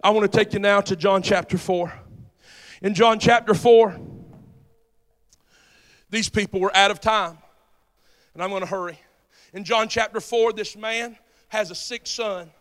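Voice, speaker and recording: High-pitched preacher man, fervent sermon, builds to shouting, keeps asking the crowd if they hear him. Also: steady tone, unhurried, long pauses.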